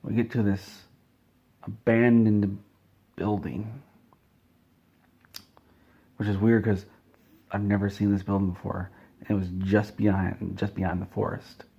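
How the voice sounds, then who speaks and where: A man telling an absurd comedy story in a deadpan, rambling way, correcting himself as he goes. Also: lowish voice, slow pace, vocal fry, pauses often, slightly rough, dull audio. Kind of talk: absurd comedic story told straight-faced.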